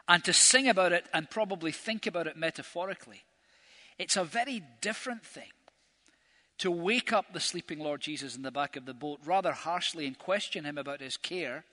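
A man's voice: a little high, pushed and bright. A man giving an earnest, vivid Bible talk as a preacher, telling the story with emphasis. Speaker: preacher teaching a Bible course. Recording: long reverb of a large hall.

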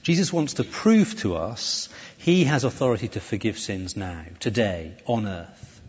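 A man preaching a sermon in a church, conversational and animated, often restarting his phrases. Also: fairly low pitch, a little slow, breathy edge. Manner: lively, conversational preaching with self-corrections. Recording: dull, echoey church hall recording.

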